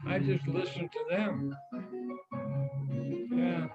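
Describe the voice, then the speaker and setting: An older man being interviewed, reminiscing in a halting way with many fillers and restarts. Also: high-pitched, lo-fi sound, over loud music. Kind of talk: casual reminiscing chat. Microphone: video call.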